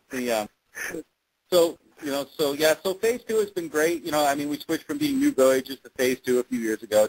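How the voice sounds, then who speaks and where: A man's voice: mid-range voice, rough recording. A man being interviewed, telling a long story casually with many fillers and restarts. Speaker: interview guest, fan-series actor.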